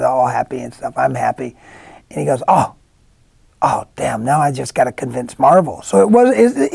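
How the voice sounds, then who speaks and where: A middle-aged man with a gravelly, fry-laden voice and a dark, mellow tone tells stories in a casual interview. He rambles and restarts often, slipping into quoted voices. The sound is dry and close. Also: high voice, dry recording. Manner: rambling storyteller, many restarts, acts out quotes. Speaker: actor guest. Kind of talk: casual anecdotal interview talk.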